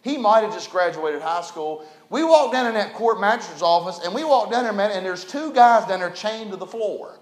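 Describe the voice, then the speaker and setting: A man preaching a folksy storytelling sermon, animated and building to emphatic preaching. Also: sits high, moderate pace, hardly any pauses. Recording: echoey room.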